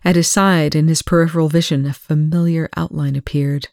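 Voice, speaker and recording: A reader narrates a fiction chapter aloud to proofread it, in a steady, plain way. The voice is at a middle pitch and sits close to a home mic. The room is dry and dead. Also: brisk, vocal fry, dry recording.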